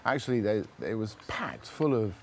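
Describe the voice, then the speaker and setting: Man, fairly low voice, actor guest, measured, explanatory, occasional fillers. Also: crowd noise. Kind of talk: interview chat.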